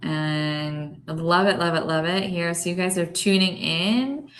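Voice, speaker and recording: A woman's voice: fairly low pitch, unhurried, a bit bright. A woman co-hosting a podcast in casual chat, talking freely and reading out viewer questions. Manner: chatty, laughs often, reads out viewer questions. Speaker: podcast co-host.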